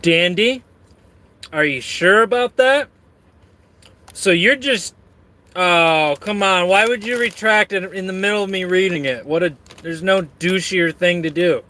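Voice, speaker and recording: A man's voice: sits high, moderate pace, pushed and bright. A man chatting casually on camera while eating and reading out chat, full of crude, rambling, self-mocking jokes. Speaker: streamer reading chat messages.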